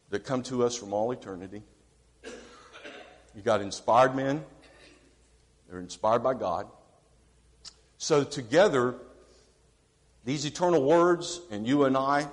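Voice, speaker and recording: A man preaching a sermon who swings from quiet asides to emphatic declarations and asks his congregation questions. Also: mid-range voice, big-room sound.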